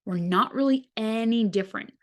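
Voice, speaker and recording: A woman's voice: on the high side, moderate pace. Woman casually teaching mindset habits. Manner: conversational, explains with everyday examples. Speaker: podcast host, dietitian.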